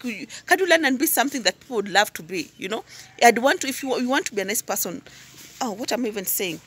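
This Tanzanian YouTube reactor has a high-leaning, fast voice with a breathy edge as she delivers impassioned commentary. Rhetorical questions and prods of "hmm?" and "huh?" pile up, with words repeated in agitation before quieter asides.

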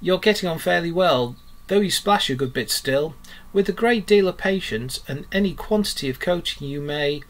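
A man's voice: on the high side, lively intonation, moderate pace, voice pushed up, natural voice. A man voicing a stubborn, sensible male water rat who speaks doggedly and dryly. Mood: teasing. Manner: dogged, dry.

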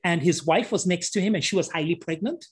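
Husky guy on a talk show, animated storyteller, acts out what people said. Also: high-pitched, fast talker. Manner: animated, acts out others' lines. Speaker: guest. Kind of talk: storytelling in conversation.

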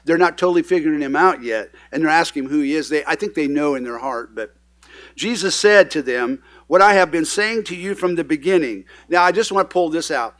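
A man preaching a sermon with a voice that sits a little high. He reads scripture aloud and explains it in a loose, conversational way, full of fillers and restarts, and leans firmly into his key points. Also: animated, fairly quick, fairly bright tone. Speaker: pastor. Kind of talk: sermon, Bible reading with commentary. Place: church sanctuary.

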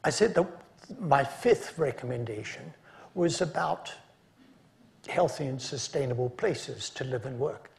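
A man giving an academic conference lecture, measured in delivery and dropping dry asides between points. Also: medium pitch, expressive, creaky, darkish tone. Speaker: conference speaker.

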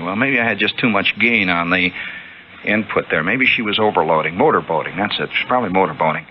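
A man telling a lively, conversational story on the radio, acting out scenes as he goes, heard on a dull, lo-fi archival recording. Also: deep voice, fast, a little hiss or hum. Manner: animated, conversational, acts out scenes. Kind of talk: spoken-word radio storytelling.

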